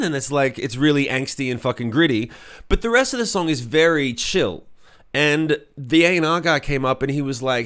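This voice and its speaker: Profane rock singer telling stories. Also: male voice, mid-range voice, moderate pace, clear, resonant tone. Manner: profane, animated storyteller acting out quotes. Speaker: podcast co-host, rock singer. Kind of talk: casual storytelling chat.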